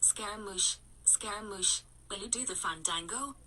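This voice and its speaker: A woman's voice as a female phone voice assistant with a New Zealand accent, calm and even, with synthetic phrasing. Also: mid-range voice, moderate pace, crowd noise, natural voice. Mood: sing-song. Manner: flat synthetic assistant phrasing, sings a rock song.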